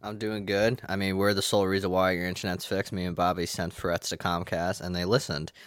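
A man's voice: low voice, level tone, brisk, clean tone, no echo. A man co-hosting a casual podcast chat, laid-back with dry jokes. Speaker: podcast co-host.

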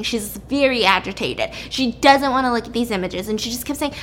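A woman's voice: on the high side, animated, fairly quick, few pauses, fairly bright tone. A young woman casually recapping a story in a chatty way, with many fillers.

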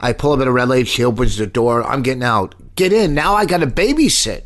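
Mid-pitched man, profane and exasperated, casual storytelling banter. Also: lively intonation, fast talker, a bit bright. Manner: profane, exasperated, acts out drunk voices. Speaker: storyteller in a couple's chat.

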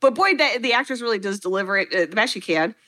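A woman with a bright, high voice chatting casually as a podcast co-host. She retells a movie plot with animated storytelling and slips into quick acted-out lines for the characters. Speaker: podcast co-host recapping a film. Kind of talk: casual chat.

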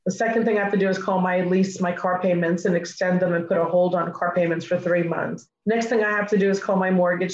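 A middle-aged woman speaking as a guest, telling a personal story in an animated way and acting out her own side of past conversations. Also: on the low side, slight background noise. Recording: echoey, slightly muffled recording.

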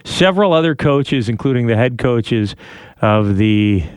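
A man hosting a podcast, chatting casually and reading news stories with easy laughs and quick asides. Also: mid-range voice, expressive, smooth, no echo. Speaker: podcast host.

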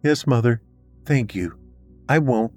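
A man voicing a frightened, obedient young girl who answers quietly and in a subdued way. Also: mid-range voice, animated, a little slow, faint music behind, voice pushed up.

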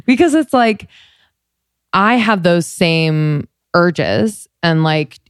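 A woman's voice: sits low, clean tone, no echo, studio quality. A woman co-hosting a casual chat podcast, talking openly and laughing easily, with lots of fillers. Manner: open, confiding, laughs easily, many fillers.

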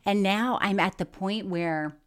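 A woman's voice: medium pitch, a little slow. A woman co-hosting a podcast, chatting casually with playful teasing and frequent laughter. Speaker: podcast co-host. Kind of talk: casual banter.

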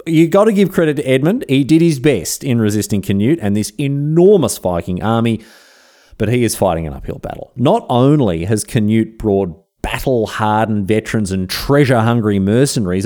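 Aussie guy yarning about history, slangy and chatty, warm mellow voice. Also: on the low side, moderate pace. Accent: Australian. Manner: chatty, slangy, animated storytelling. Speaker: history podcast host. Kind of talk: casual history narration.

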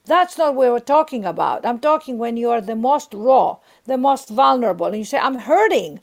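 A woman's voice: on the high side, expressive, brisk, gravelly. A middle-aged woman, a guest author, talking earnestly about prayer in an interview and acting out the inner voices she describes. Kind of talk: warm spiritual interview talk.

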